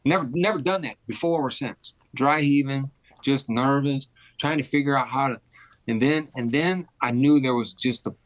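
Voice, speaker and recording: A man in his fifties, a former boxing champion, telling animated stories in a casual interview and repeating phrases for emphasis. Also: medium pitch, moderate pace, no room sound.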